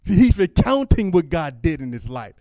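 A man preaching with a slightly high voice. He moves between easy, conversational asides and loud, fervent scripture reading. The sound is close and dry, with no room echo. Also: very animated, normal speed. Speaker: pastor. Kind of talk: sermon.

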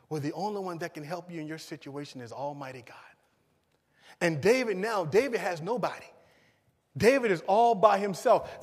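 A man preaching a sermon, moving from loud emphasis to hushed pleading. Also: sits high, in a large hall.

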